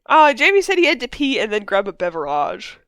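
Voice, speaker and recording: A woman's voice: fairly high pitch, very animated, a little fast, fairly bright tone, no room sound. Rambling woman host, dry sound. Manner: rambling, filler-heavy, swears casually. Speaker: podcast host. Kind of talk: casual chat.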